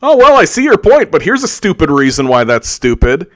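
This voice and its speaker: A man's voice: on the high side, sing-song, a little fast, fairly bright tone, dry recording, clean studio sound, pitched above the performer's own voice. A man mocking a smug know-it-all guy. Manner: condescending mock-reasonable.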